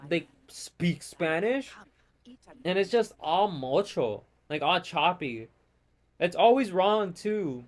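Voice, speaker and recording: A man hosting his gaming channel, ranting casually and profanely over gameplay in an exasperated, rambling way. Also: on the high side.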